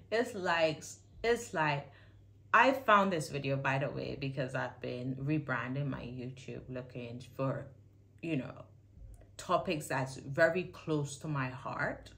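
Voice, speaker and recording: A woman YouTuber giving casual, candid commentary on a clip, swinging between emphatic bursts and soft asides. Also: a bass voice.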